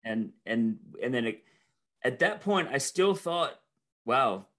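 A man's voice: medium pitch, animated, measured pace, fairly bright tone. A man in casual conversation, enthusiastically recounting film scenes and often restarting his sentences. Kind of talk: casual movie review chat.

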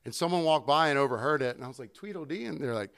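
A man's voice: fairly high pitch, animated, rapid-fire, creaky, a bit bright. A man who tends bar, co-hosting a casual podcast and telling customer stories full of swearing and laughter. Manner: profane, laughing, acts out customers. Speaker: bartender and podcast co-host. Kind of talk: casual bar chat, storytelling.

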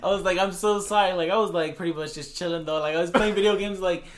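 A man's voice: high voice, steady tone, fast talker. Young man telling a story with lots of swearing. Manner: swears a lot, laughs while telling a story. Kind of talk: casual storytelling chat.

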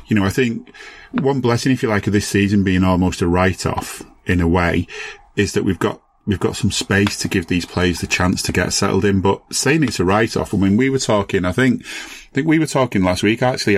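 A man with a Liverpool accent co-hosting a football podcast, rambling and animated with frequent self-corrections. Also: low voice. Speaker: podcast co-host. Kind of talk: casual football chat.

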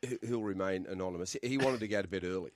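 An Australian man co-hosting a casual radio chat, telling a prank story with animated laughter. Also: low-pitched, fast, dry recording, studio quality.

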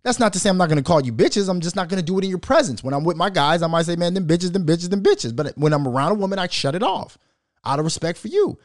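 A man's voice: high voice, big pitch swings, very fast, dry recording, studio quality. A middle-aged man hosting a show, giving a casual, profane, rambling commentary monologue with frequent restarts. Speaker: show host.

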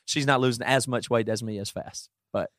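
A man's voice: medium pitch, brisk, no room sound, studio quality. A man co-hosting a podcast in casual chat, telling stories and acting out the arguments in them. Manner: animated storytelling, acting out quoted arguments. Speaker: podcast co-host.

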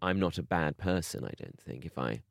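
A man's voice: a bass voice, expressive, normal speed, gravelly, dry recording, studio quality. A man co-hosting a podcast, playful and self-mocking, leaning on words for comic emphasis. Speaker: podcast co-host. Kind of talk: casual chat.

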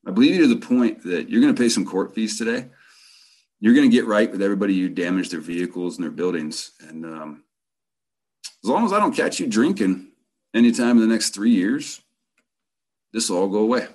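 A man's voice: on the low side, brisk, a little mellow. A middle-aged man telling a personal story in a candid, profane, rambling way. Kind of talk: casual storytelling.

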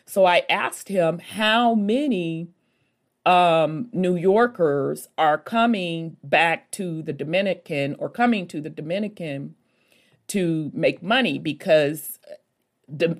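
A woman vlogger tells a long travel story to her viewers at an unhurried, drawn-out pace. Her voice sits a little low, and her talk is folksy and rambling, with endearments and side remarks all through it. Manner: chatty and folksy, with endearments like baby and honey; rambling, with many fillers and asides.

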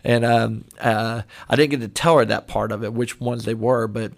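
A man on a podcast, a guest telling stories in casual chat. He acts out the people in his stories in lively voices. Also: medium pitch, moderate pace, vocal fry. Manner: animated storyteller acting out quoted voices. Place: studio.

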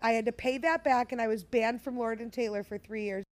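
A woman in her twenties telling a story in casual chat, animated, laughing often and swearing. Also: a little high, fairly quick. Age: 20s.

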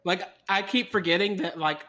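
A man's voice: high voice, moderate pace, pushed and bright. A man co-hosting a podcast in casual chat, laid-back, swearing and laughing easily. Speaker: podcast co-host.

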